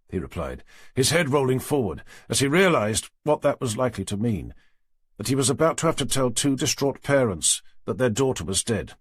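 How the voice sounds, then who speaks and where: Male audiobook narrator, husky, expressive pitch, dry. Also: dry recording. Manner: measured, low-key storytelling. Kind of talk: scripted narration.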